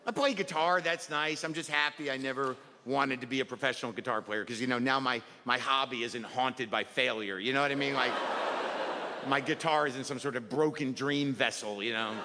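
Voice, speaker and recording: A man's voice: mid-range voice, normal speed. A middle-aged man doing a stand-up comedy set, ranting in a neurotic, self-deprecating way and acting out little asides. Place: stage in a comedy venue. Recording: live venue with long reverb and loud crowd noise.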